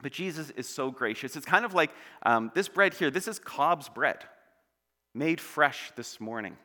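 A man's voice: on the high side, expressive, unhurried, sharp tone. A male pastor preaching a sermon in a church, playful and joking as he tells stories. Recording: long church hall reverb.

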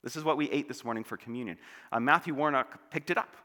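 A man's voice: medium pitch, fast talker, pushed and bright. A male pastor preaching a sermon in a church, playful and joking as he tells stories. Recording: long church hall reverb.

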